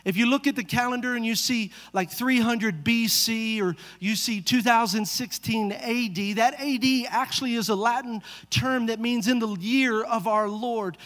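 A man with a very high voice preaches from a church stage, spinning a family story and firing rhetorical questions at the pews. His voice rings out with a long hall echo. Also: fairly bright tone. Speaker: pastor. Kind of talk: sermon.

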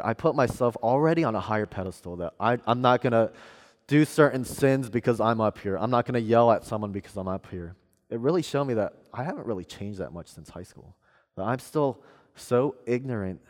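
A young man delivers a sermon from the pulpit, earnest and self-deprecating, stumbling into fillers and restarts as he goes. His voice sits a little low, and a long hall reverb trails each phrase through the church. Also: a little mellow. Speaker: preacher. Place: church sanctuary.

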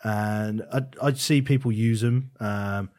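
A man's voice: on the low side, fairly even intonation, a little mellow. A man in casual chat, teasing his friend and chipping in often. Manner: teasing, quick chatty interjections. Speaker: podcast co-host, musician.

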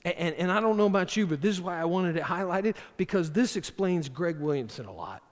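A man preaching a sermon as pastor, animated and acting out the voices of the figures he quotes. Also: sits high, brisk. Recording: long hall reverb.

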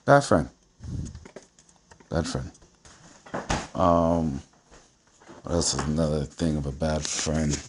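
A man's voice: rumbling low, fairly even intonation, takes it slowly, long pauses, noisy background. A man in casual solo talk to camera, loose and streetwise, swearing freely and often asking whether you follow. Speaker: vlogger.

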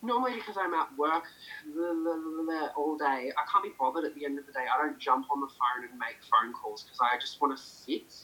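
Bright-voiced man rambling casually. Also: fairly high pitch, fairly quick, poor audio. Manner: rambling, filler-heavy, relaxed. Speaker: interview guest. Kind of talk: casual conversation.

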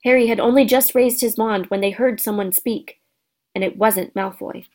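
A woman reading a children's storybook aloud as narrator, steady and expressive. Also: a little high, moderate pace. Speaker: audiobook narrator.

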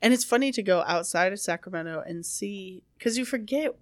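A woman's voice: medium pitch, lively intonation, fairly quick, no echo. A woman in her thirties in easygoing casual chat, acting out the dialogue in her stories.

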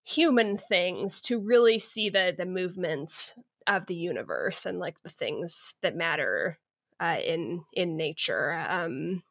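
A woman podcast co-host summarizing a book chapter in casual, halting chat. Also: fairly low pitch, expressive, a bit bright, dry recording, studio quality. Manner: hesitant, lots of restarts.

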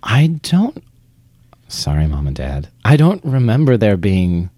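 A young man from Vermont with a very low voice talks about his life in an interview. He is chatty and self-deprecating and often restarts his sentences. The recording is dry and close, with little room sound. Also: wildly swooping pitch, measured pace, dark tone, dry recording. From Vermont, United States. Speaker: interviewee, theater actor. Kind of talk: conversational interview.

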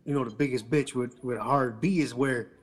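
A man's voice: medium pitch, moderate pace, slightly rough. A man from the Chicago area co-hosting a casual podcast, telling stories and swearing freely. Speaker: podcast co-host. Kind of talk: casual chat.

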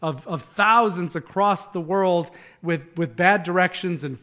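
A man's voice: sits high, unhurried, sharp tone. A man preaching a conversational sermon as pastor, earnest and emphatic, often repeating words as he builds his points.

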